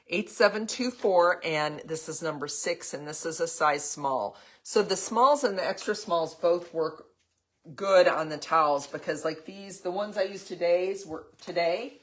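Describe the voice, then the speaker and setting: An older woman hosting a casual live craft demo, chatting with viewers, rambling with frequent ums and the odd cough. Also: low voice. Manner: chatty, answers viewer comments as she goes. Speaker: craft host.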